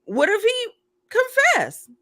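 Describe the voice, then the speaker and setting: A woman's voice: very high-pitched, wildly swooping pitch, takes it slowly, bright, forceful tone. A woman in a casual live chat who thinks aloud, hesitating and restarting her sentences. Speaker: panelist.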